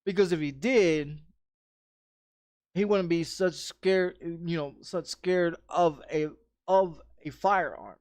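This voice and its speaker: A man's voice: a little high, slow, darkish tone, no room sound. A man telling a rambling story in casual chat, swearing often and repeating himself with frequent restarts. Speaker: streamer.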